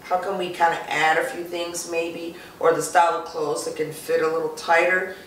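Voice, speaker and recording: A woman's voice: lowish voice, flat delivery, moderate pace. A woman hosting a talk show, chatting casually and leading with questions and frequent okays. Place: Las Vegas. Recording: echoey room, far from the mic, faint background hum.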